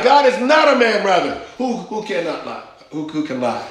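A man's voice: high voice, sing-song, normal speed, fairly bright tone. A man preaching a passionate sermon as pastor, repeating phrases for emphasis and drawing answers from his congregation. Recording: very echoey church hall.

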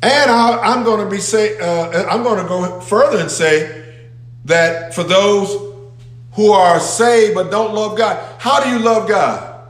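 In a church sanctuary full of worshippers, a pastor with a high-sitting voice preaches at a measured pace. He is emphatic and calls out questions to the congregation, and the room sounds echoey.

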